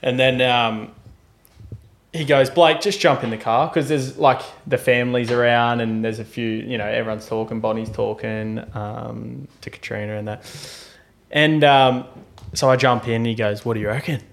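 A man's voice: medium pitch, moderate pace, creaky. A young Australian man co-hosting a podcast, telling a story in casual chat and acting out what people said. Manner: animated storyteller acting out quotes. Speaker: podcast co-host.

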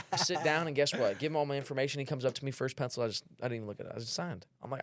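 A man's voice: medium pitch, racing, hardly any pauses, fairly bright tone, no room sound, clean studio sound. A man, a sales trainer talking as a podcast guest, brash and profane, telling stories with quoted dialogue. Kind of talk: casual podcast chat.

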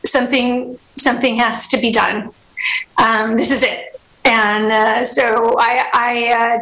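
High-pitched woman, personal testimony, emotional and halting with many restarts. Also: a bit bright, poor audio. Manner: acts out remembered dialogue. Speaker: speaker sharing her recovery story.

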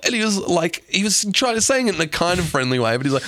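Animated, bright-voiced guy. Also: high voice, fast, hardly any pauses, no room sound. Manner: crude, laughs a lot, animated storytelling. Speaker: podcast co-host. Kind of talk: casual chat.

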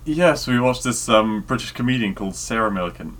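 A man co-hosting a podcast in easygoing casual chat, often halting to find his words. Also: mid-range voice, animated, a bit bright. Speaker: podcast co-host.

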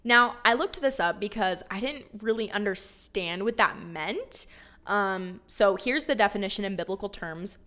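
A woman's voice: mid-range voice, a bit bright. A woman teaching a casual Bible story lesson in a bubbly, chatty way, full of laughing asides.

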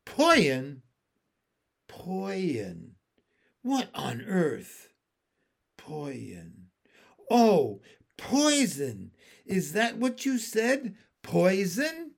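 Brief: man voicing a fussy female pond frog, teacherly and bossy, raised lively pitch, slow storybook pace. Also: creaky, exaggerated voice. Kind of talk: storybook read-aloud.

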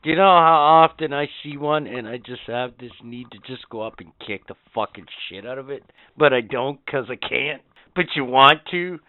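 A man's voice: medium pitch, moderate pace, dry recording. A man co-hosting a podcast, ranting with crude, profane comedy. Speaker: podcast co-host. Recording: dry, phone-like lo-fi sound.

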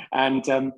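A man with a London accent, a band singer on a podcast, rambling through laid-back anecdotes with lots of fillers. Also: rough recording. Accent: London English. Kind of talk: casual storytelling.

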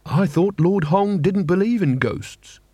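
A man's voice: high voice, measured pace, warm tone, slightly rough, long reverb tail, pitched above the performer's own voice. Man doing a fussy, stammering genteel teacher. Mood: bewildered. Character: polite, fussy, bewildered male teacher.

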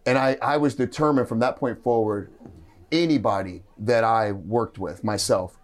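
Man, podcast co-host, casual storytelling, rambling, filler words, mid-pitched voice. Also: moderate pace. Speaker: podcast co-host, martial arts coach.

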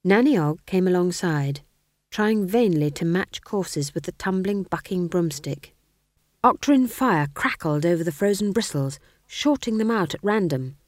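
A woman reads a comic fantasy novel aloud in a measured way. Her pitch moves a lot. The sound is dry and close. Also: animated, darkish tone, dry recording. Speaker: audiobook narrator. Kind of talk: scripted narration.

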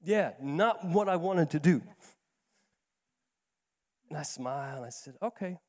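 A man with a fairly high voice tells a sermon story in a folksy, chatty way. He often stumbles and repeats words as he goes. His voice carries a long echo, as in a church hall. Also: slow. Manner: conversational, folksy, repeats words when excited. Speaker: pastor. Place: church sanctuary.

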